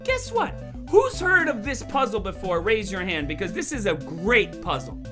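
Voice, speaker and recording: A man performing a playful, animated magic show for schoolchildren over a video call, teasing and cheering the kids on. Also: high-pitched, moderate pace, over music. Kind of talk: virtual kids' magic show.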